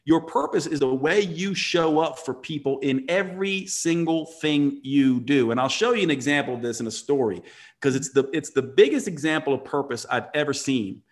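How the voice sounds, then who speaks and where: A man's voice: on the high side, normal speed. A man telling a motivational story in conversation, earnest and emphatic, often restarting his sentences.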